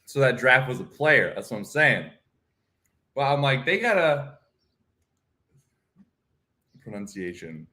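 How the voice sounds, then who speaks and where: A man co-hosts a relaxed morning talk show, spinning a rambling, goofy story. His voice sits at an ordinary middle pitch. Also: unhurried, pauses often. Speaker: co-host. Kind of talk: casual morning chat.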